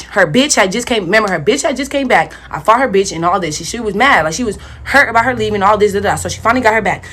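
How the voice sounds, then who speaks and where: A woman's voice: fairly high pitch, fairly bright tone. A young woman telling a personal story casually into her phone, rambling and swearing and speaking straight to her viewers. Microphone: phone mic.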